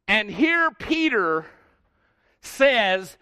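A middle-aged man preaching a sermon as pastor, emphatic, slowing down and dropping his voice on key words. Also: very high voice, expressive, sharp tone, smooth.

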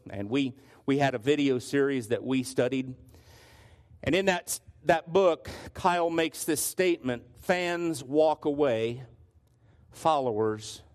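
A male pastor preaching a sermon, telling stories and often restarting his phrases. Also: medium pitch. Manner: storytelling with frequent restarts.

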